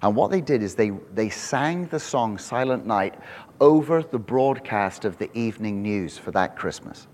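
A man preaching a sermon to a congregation, telling animated stories with frequent restarts. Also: lowish voice, normal speed, a little hiss or hum. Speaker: pastor. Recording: long hall reverb.

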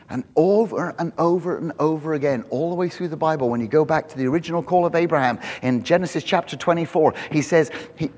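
A man preaching a sermon to a congregation, telling animated stories with frequent restarts. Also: on the high side. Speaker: pastor. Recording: long hall reverb.

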